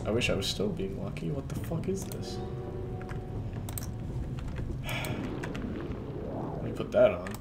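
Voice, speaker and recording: With a medium-pitched voice that swings widely, a man takes it slowly, pausing often and using vocal fry as he plays a video game. He swears and trash talks the game, over game music and keyboard typing.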